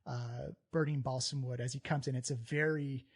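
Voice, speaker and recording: A man's voice: medium pitch, fairly even intonation, normal speed, husky. A man narrating a tabletop game as game master, describing scenes in a loose, conversational way.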